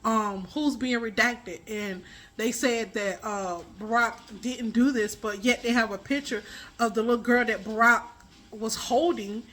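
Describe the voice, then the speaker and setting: A woman with a fairly high, bright voice talks to her viewers in loose, rambling commentary. She speaks with emphasis and stops to restart her thoughts often. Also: unhurried. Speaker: tarot reader. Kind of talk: casual spiritual commentary.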